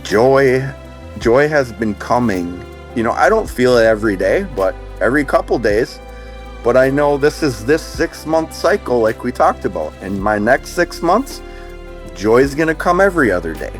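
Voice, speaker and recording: A man's voice: medium pitch, very animated, normal speed, faint music behind. A man from Minnesota in his thirties, talking earnestly as an interview guest, with many fillers and restarts. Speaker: guest sharing recovery story. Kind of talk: casual conversational interview.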